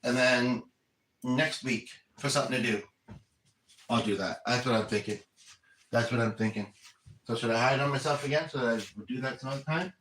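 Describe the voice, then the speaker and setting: A man's voice: mid-range voice, brisk, pauses often, a bit bright. Rambling, earnest man in a roomy space. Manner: rambling, self-interrupting, earnest. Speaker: spiritual medium relaying messages. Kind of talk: casual livestream chat. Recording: roomy echo, distant from mic, faint noise.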